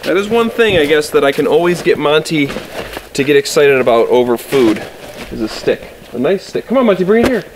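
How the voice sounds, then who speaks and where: A man's voice: fairly high pitch, normal speed, noisy background. A man vlogging from his winter campsite, chatting casually and rambling, laughing often as he talks. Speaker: outdoor vlogger. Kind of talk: casual chat at camp.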